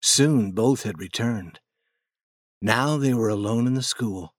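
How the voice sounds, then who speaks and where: A man narrating a storybook chapter in a plain, measured way. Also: mid-range voice, no echo, clean studio sound.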